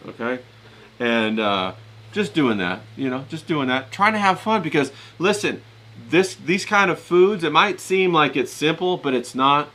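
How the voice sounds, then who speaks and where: A man's voice: mid-range voice, sharp tone. A man with a self-described hillbilly Southern US accent, hosting a casual livestream and chatting straight to his viewers in a loose, rambling way. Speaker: livestream host.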